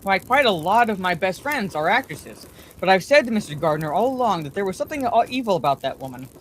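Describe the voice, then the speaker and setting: A woman's voice: medium pitch, very animated, fast, slight background noise, close to an everyday voice, rough recording. A woman voicing a gushing, gossipy middle-aged wife who chatters on, self-satisfied, in a bedtime story reading.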